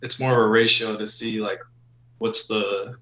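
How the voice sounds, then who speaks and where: Hesitant man with a bright voice on a call. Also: on the low side, steady tone, moderate pace. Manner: hesitant, thinks aloud with many fillers. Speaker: team member. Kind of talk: casual meeting discussion. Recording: dull, echoey call audio.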